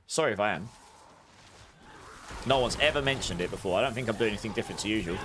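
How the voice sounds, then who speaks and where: A man streaming a game and chatting with live viewers, talking loudly with audible breaths between sentences into a high-gain desk mic. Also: quick pace. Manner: rambling, self-correcting chatter. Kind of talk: casual chat with live viewers. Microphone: desk studio mic with high gain. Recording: clear background noise.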